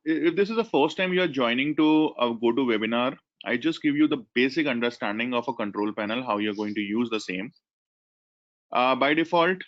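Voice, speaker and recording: Coordinator, Indian English man, chatty webinar host, muffled lo-fi call audio. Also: medium pitch. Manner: chatty, thanks attendees by name. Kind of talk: online class host instructions.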